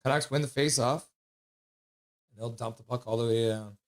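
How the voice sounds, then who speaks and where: A man streaming live hockey play-by-play, excitable and blunt, chatting casually with his viewers between plays. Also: mid-range voice, normal speed. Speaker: streamer doing fan play-by-play.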